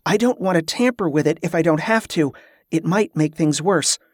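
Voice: medium pitch, moderate pace, breathy edge, no echo, clean studio sound, lightly acted. Narrator voicing a weary young elf mage woman. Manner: earnest, tired.

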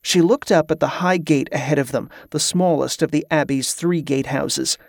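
A steady audiobook narrator reading a novel at a middle pitch. The delivery is even and plain. The recording is close and dry, with no room sound. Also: moderate pace, creaky, no room sound. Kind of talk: scripted narration.

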